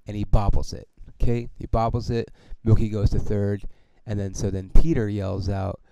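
Gravelly and lowish, the host's voice has a clean tone at normal speed, though the audio is poor and lacks room sound. He delivers a casual storytelling monologue, animated and heated, full of swearing and fillers like "dude" and "okay."

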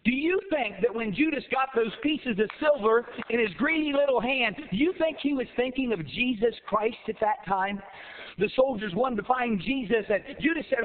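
A man pastor preaching a sermon, emphatic, with rhetorical questions and shouted, repeated lines. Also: very high voice, normal speed. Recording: tinny phone-like sound.

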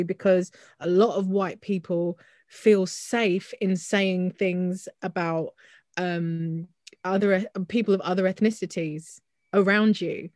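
A woman talks in a casual podcast, heated and circling back with restarts and frequent "like". Her pitch sits mid-range. The sound is close and dry, with no room around it. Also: a little mellow, dry recording. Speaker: podcast co-host. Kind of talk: casual chat.

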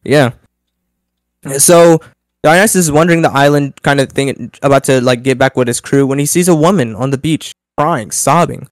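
A man's voice: medium pitch, moderate pace, dry recording. A man co-hosting a podcast, telling a story in a casual, playful, rambling way. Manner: playful, rambling, self-interrupting. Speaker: podcast co-host.

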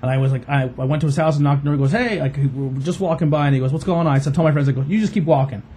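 A man's voice: medium pitch, steady tone, racing, dark tone, breathy edge. A man, hosting a podcast and telling a long story in a rambling casual way, full of fillers and acted-out quotes. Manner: rambling, many fillers, acts out quoted voices. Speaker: podcast host.

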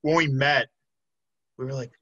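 A man hosting a podcast in casual chat, hesitant, with lots of fillers, trailing off softly. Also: mid-range voice, steady tone, a little slow, no room sound, lo-fi sound. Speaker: podcast host.

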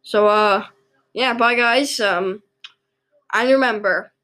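A woman's voice: medium pitch, slow, a bit bright, poor audio. A woman hosting a casual solo episode, rambling and joking with many fillers and restarts. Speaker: podcast host.

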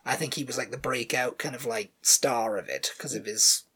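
A husky, sharp-toned mid-range voice at normal speed belongs to a British man co-hosting a podcast. He rambles through casual chat with plenty of fillers, sometimes pausing to read show synopses.

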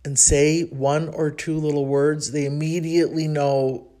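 A woman from Chicago with a Chicago accent, hosting a podcast and telling a personal story in a chatty, reflective way, thinking aloud with frequent pauses. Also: sits low, level tone, dark tone. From Chicago, United States. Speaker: podcast host.

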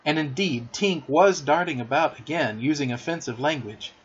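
A man narrating a storybook in an expressive, theatrical way in a dull lo-fi recording. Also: on the high side, moderate pace, few pauses, breathy edge.

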